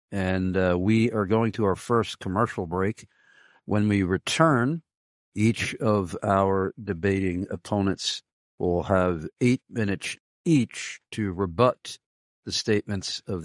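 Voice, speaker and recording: Man, radio host, debate moderator, very low voice, unhurried, dry sound. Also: no room sound. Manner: unhurried announcements with fillers.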